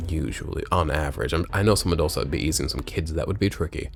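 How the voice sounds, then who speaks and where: A man commenting on a video game as he plays, joking and reading lines aloud, with loud exclamations and low mutters. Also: very fast, gravelly, hardly any pauses, faint music behind. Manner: lively, jokey, swings between loud exclamations and low mutters. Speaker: gameplay streamer.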